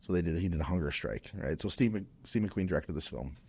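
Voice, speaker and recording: A man's voice: low voice, expressive, quick pace, a little mellow, slightly rough. A man from Minnesota, a podcast guest, telling a casual, rambling story full of restarts and fillers.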